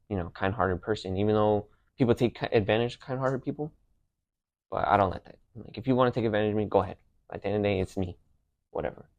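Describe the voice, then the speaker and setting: A man's voice: lowish voice, darkish tone, dry recording. A young man hosting a podcast, telling personal stories in a casual, slangy way. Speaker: podcast host.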